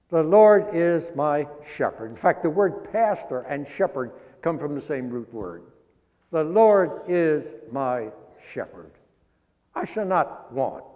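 Pastor, male, high-pitched, folksy sermon delivery, long echo of a sanctuary. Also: a little mellow. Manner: folksy, drawn-out emphasis on key words. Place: church sanctuary.

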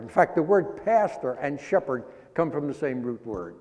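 A man preaching a sermon, explaining scripture line by line in a folksy, teaching way and slowing down to stress the verses. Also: mid-range voice, big pitch swings, darkish tone, long reverb tail. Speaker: pastor.

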